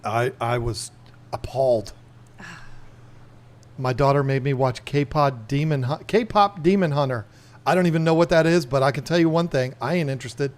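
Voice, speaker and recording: A man's voice: medium pitch, normal speed. A man hosting a casual livestream, chatting and rambling to the camera and his chat. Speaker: livestream host.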